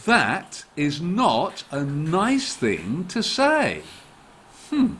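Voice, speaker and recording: A man voicing a gentle black crow in a children's puppet story, cawing and speaking slowly and expressively. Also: a little high, slight background noise, full character voice. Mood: hurt, scolding. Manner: cawing, drawn-out lively storybook voice. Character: sulky black crow, gentle but hurt.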